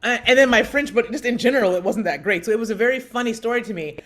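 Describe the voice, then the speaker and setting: A woman in her thirties co-hosting a podcast, telling a story in lively conversation and acting out the voices of people she quotes. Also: fast talker. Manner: animated, acts out quotes with big pitch jumps. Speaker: podcast co-host.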